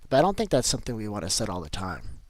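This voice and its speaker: A man's voice: lowish voice, wildly swooping pitch, racing. A man chatting casually with viewers on a live game stream, answering chat and repeating himself as he talks.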